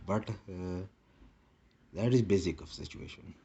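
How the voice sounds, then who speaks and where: A man's voice: deep voice, unhurried, creaky, dark tone, dull audio, a little hiss or hum. A man rambling in a casual monologue with a put-on Indian English accent, repeating short clipped broken-English phrases. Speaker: vlogger.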